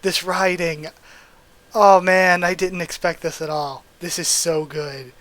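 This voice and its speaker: A man reading a manga aloud and reacting as he goes, excitable and swearing, with bursts of astonishment. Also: a little high, takes it slowly, no echo, poor audio. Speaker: manga readthrough host.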